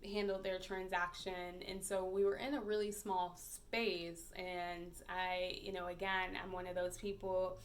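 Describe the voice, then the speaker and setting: A woman podcast host telling a personal story in a reflective, hesitant way, with many pauses and fillers. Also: on the low side, little pitch movement, a little hiss or hum.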